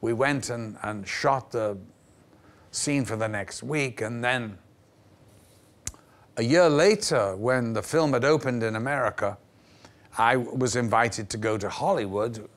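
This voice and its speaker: An older actor telling stories as a guest on a television interview show, animated and playful, slipping into the voices of people he quotes. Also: medium pitch. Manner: lively raconteur who acts out the voices in his stories. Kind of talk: anecdotal interview storytelling. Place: television studio.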